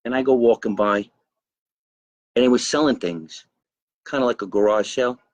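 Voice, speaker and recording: A man's voice: mid-range voice, moderate pace, no echo. A man hosting a live comedy stream from his backyard grill, rambling, boasting and greeting viewers by name. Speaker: host of a live comedy show. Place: backyard by a grill and pool, outdoors.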